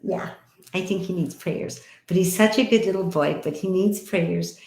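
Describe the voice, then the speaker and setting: A woman's voice: on the low side, moderate pace, a little mellow, reverberant. A woman hosting a casual live stream from home, giving readings to viewers and chatting affectionately with them. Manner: chatty and affectionate, calls people honey and sweetheart. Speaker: livestream host giving psychic readings. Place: home, indoors. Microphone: headset or computer mic on a live stream.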